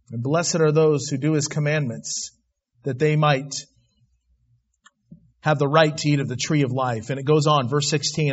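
Emphatic husky preacher man, lo-fi. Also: fairly high pitch, normal speed. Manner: emphatic, swings between loud declarations and quiet asides. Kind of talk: sermon on Revelation.

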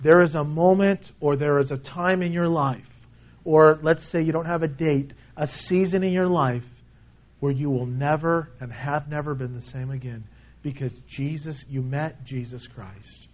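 A man preaching a sermon in a conversational way, often dropping to a soft, low voice for emphasis. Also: normal speed, muffled recording. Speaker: pastor.

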